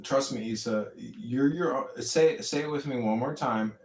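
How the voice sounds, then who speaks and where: A man holding forth on spirituality in a preachy, rambling manner, calm one moment and fervent the next. He sounds set back from the mic, and the capture rings with echo. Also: mid-range voice, measured pace. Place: online audio chat room. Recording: echoey, distant audio-room capture.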